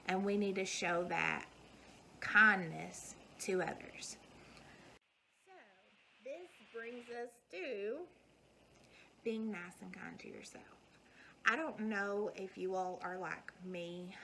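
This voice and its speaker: A woman's voice: medium pitch, slow pace, vocal fry, pushed and bright, poor audio. Mom in her 30s talking straight to camera, earnest and folksy, repeats stuff for emphasis, little bit of hiss behind. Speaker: vlogger. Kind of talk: motivational talk to camera.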